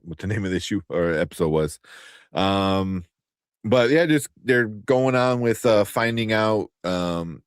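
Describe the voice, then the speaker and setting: A man's voice: fairly low pitch, lively intonation, unhurried, clean tone, dry recording, clean studio sound. A man hosting a casual podcast chat, sleepy and rambling, with many restarts. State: sleepy, yawning. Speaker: podcast host.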